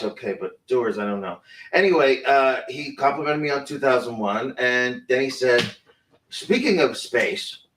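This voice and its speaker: An actor playing a hesitant male film director who tells an anecdote in halting bursts, full of restarts and fillers. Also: medium pitch, background noise, close to an everyday voice. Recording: roomy, distant mic.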